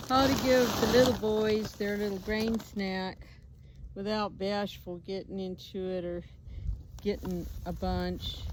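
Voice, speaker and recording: A woman's voice: mid-range voice, darkish tone, a little hiss or hum. A woman vlogging outdoors on her farm in a chatty, casual way, sometimes talking sweetly to her animals. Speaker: homestead vlogger. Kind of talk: casual farm vlog narration. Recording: faint outdoor ambience with farm birds. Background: chickens and ducks clucking.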